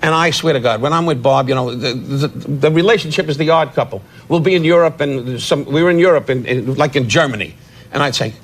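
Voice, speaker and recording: A man, a guest on a talk show telling comic stories, teasing and restarting his words as he goes. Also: mid-range voice. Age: 80s. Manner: quick-witted insult comic, stammering restarts, teasing. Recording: TV studio with audience noise.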